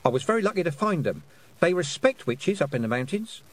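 A flustered middle-aged woman witch, voiced by a man, frets and hurries. Her voice rides higher than his own with lively pitch and a husky grain. This is storybook character reading. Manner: flustered, anxious, quick.

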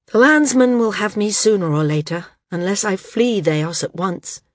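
A woman's voice: mid-range voice, lively intonation, normal speed, dry recording, studio quality, voice pushed up, natural voice. A woman voicing a determined woman flyer, speaking in an earnest, resolute way in an audiobook. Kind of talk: audiobook character reading.

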